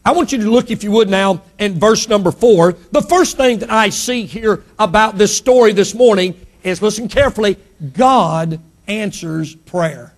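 A man preaching a sermon in a high voice for a man. He builds his points with emphatic repetition, falling quiet on key lines and then surging loud again. He addresses the congregation directly as a pastor. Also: normal speed.

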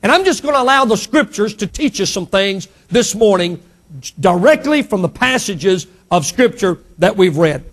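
Pastor guy preaching, kinda high voice, goes quiet then loud, really emphatic. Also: expressive, normal speed. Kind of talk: sermon.

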